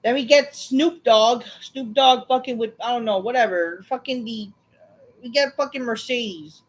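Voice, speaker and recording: A woman's voice: fairly high pitch, unhurried, poor audio. A woman hosting a wrestling review, ranting through a recap in a sarcastic, dismissive way with constant swearing. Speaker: wrestling show reviewer, channel host.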